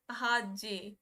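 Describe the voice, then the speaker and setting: A young woman hosts a relaxed live stream, laughing easily and answering her chat. Her voice sits a little high and rings bright and clear. She trips over words and tries out pronunciations with playful giggles.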